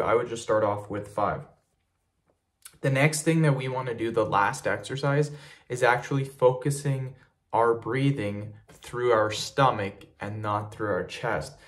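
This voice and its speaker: A young man talking casually to camera in a fitness vlog, explaining simple exercises in a plain, repetitive way with frequent fillers. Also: medium pitch. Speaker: fitness video creator. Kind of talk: casual tutorial talk to camera.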